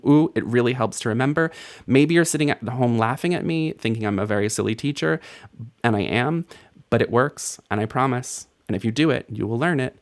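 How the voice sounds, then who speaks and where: A man teaching a recorded language lesson, playful and self-mocking, laughing at his own jokes. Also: medium pitch.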